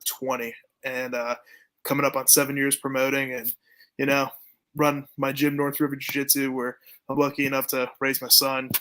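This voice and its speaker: A man's voice: medium pitch, completely flat delivery, moderate pace, fairly bright tone. A young man from Canada talking casually in an interview, laid-back and blunt, swearing freely. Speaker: jiu-jitsu gym owner and event promoter.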